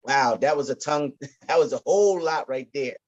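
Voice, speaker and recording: A male pastor leading a group Bible study discussion over a video call, deliberate and repeating phrases. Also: mid-range voice, dull audio.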